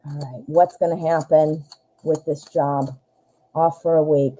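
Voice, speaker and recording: A woman in her forties talks her way through a live tarot reading, chatty and unscripted, thinking out loud with fillers and restarts. Her voice sits a little low and sounds very dark and mellow. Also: fairly even intonation, measured pace, rough recording. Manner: chatty, thinks aloud, frequent fillers and self-corrections. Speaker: tarot reader hosting a live stream.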